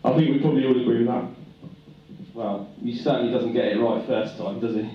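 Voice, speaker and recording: A man's voice: mid-range voice, a little fast, highs cut off. A man giving a joking, teasing wedding speech as best man. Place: wedding reception hall. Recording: echoey hall from far off, noisy.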